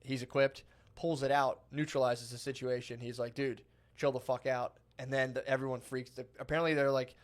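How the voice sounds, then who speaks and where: A man co-hosting a casual podcast, telling a story quickly and acting out the quotes. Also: mid-range voice. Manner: fast, animated storytelling with mimicked quotes. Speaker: podcast co-host.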